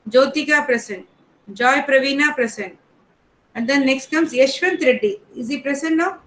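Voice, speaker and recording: A woman teacher, calling the roll in an online class in a brisk, matter-of-fact way. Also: high-pitched, a bit bright, rough recording. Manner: reads names one by one in a brisk, matter-of-fact way.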